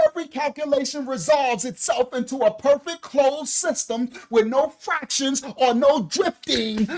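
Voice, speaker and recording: Man, bible teacher, livestream lesson, lively exclamations, casual asides, own microphone. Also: extremely high pitch. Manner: energetic, breaks into exclamations and colloquial asides.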